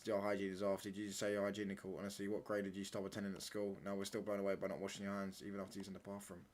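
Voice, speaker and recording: A man's voice: sits low, completely flat delivery, racing, darkish tone, a little hiss or hum. A young man hosting a live football watchalong stream from home, reading out viewer chat and answering it with bantering, mock-indignant talk. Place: home room.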